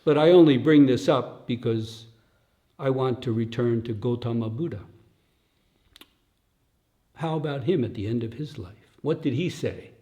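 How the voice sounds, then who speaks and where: An older man giving a dharma talk at a retreat in a slow, reflective way, often tagging his lines with "huh?" and dropping to soft, near-whispered asides. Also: mid-range voice. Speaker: dharma teacher.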